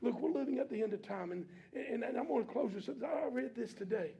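A preacher man with a very high voice and a gravelly edge, talking in a loose, everyday way. He reads scripture low, then climbs into shouted preaching as the congregation answers back in church. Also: expressive, fairly quick. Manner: colloquial preaching with call-and-response. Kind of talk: sermon.

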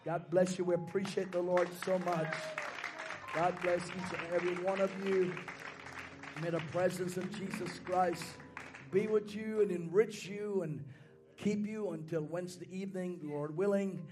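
A hoarse man preaching a fervent sermon in church, with call-and-response. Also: high-pitched, steady tone, moderate pace, crowd noise, background noise. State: hoarse from a sore throat. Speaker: pastor. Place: church sanctuary.

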